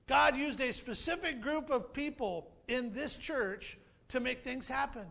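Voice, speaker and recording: Preaching a lively sermon at a measured pace, this male pastor has a high, gravelly voice with a bright, forward tone. He's animated and playful, using repetition of key phrases to press his points.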